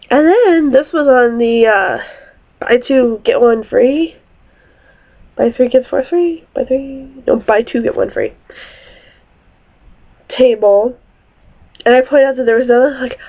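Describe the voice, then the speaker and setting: A young woman vlogger telling a story about her boyfriend in a chatty, animated way, with some swearing. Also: a little high, a little slow, long pauses. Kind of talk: storytime vlog. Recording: tinny phone-like audio.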